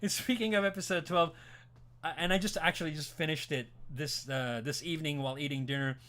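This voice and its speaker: A man's voice: fairly high pitch, steady tone, brisk, sharp tone. A man in his late forties or fifties hosting an anime talk stream, chatting casually and animatedly, rambling with frequent restarts, and laughing as he answers his chat. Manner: laughs while talking, reads chat aloud. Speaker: podcast host.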